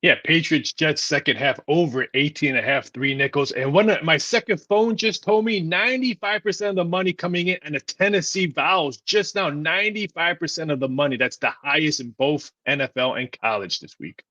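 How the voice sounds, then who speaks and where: A man on a betting panel reads off his picks and odds briskly and plainly. His voice is bright and forward, and the sound is dry. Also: fairly high pitch, no room sound, muffled recording. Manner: brisk and matter-of-fact, quoting odds. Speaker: show panelist.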